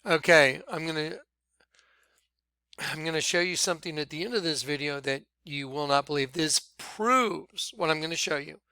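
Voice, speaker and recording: A man leading a ministry, talking viewers through images on his screen in an excitable, repetitive way. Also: on the high side, moderate pace, clear, resonant tone, no room sound. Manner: excitable, repeats himself, points things out to viewers. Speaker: ministry leader presenting on screen. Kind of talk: screen-share commentary.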